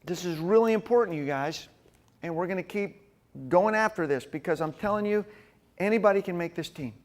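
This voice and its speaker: Animated male group leader, higher voice, storytelling to a room of men. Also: a little fast. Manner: storytelling, energetic, acts out scenes. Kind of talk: animated church talk.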